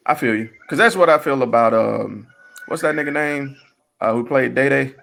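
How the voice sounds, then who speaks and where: A man's voice: medium pitch, moderate pace, vocal fry, fairly bright tone. A man hosting a casual chat show, explaining his views at length in a thoughtful way. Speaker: podcast host.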